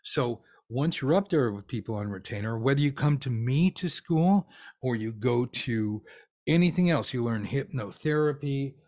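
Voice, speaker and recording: A man's voice: medium pitch, lively intonation, moderate pace, darkish tone. A man teaching tarot readers how to earn money, talking in a blunt, ranty, profane way. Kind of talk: ranty casual coaching monologue.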